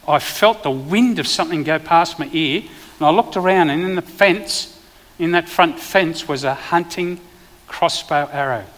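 An Australian man, a preacher and former police officer, telling a vivid testimony in a sermon with sudden loud bursts. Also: fairly high pitch, big-room sound.

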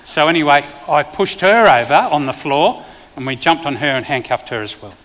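An Australian man, a preacher and former police officer, telling a vivid testimony in a sermon with sudden loud bursts. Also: on the high side, expressive, normal speed, long reverb tail.

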